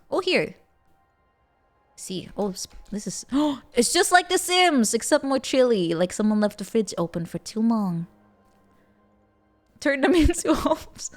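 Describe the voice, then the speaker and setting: A woman streaming a survival game, chatting casually with frequent laughs and rambling asides. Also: mid-range voice. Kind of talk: casual gameplay chat. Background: game music.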